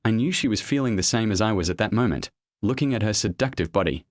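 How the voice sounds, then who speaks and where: A man narrating a web comic recap in a steady first-person storytelling manner. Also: lowish voice, fast talker, hardly any pauses, no echo, studio quality.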